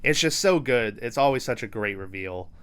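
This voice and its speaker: A man's voice: medium pitch, animated, normal speed, a bit bright, smooth. A man hosting a podcast, recapping a movie in loose, profane storytelling full of "um" and "like". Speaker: podcast host.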